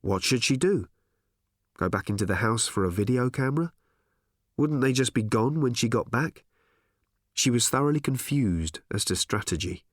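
A man narrating an audiobook with an expressive, dryly ironic reading. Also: medium pitch, normal speed, no echo, clean studio sound.

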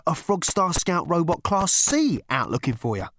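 A short, stocky, weather-beaten man hisses urgent, clipped warnings in a raised voice, acted by a man reading the audiobook. His pitch swings widely. The sound is dry and close. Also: sing-song, normal speed, a bit bright, no echo.

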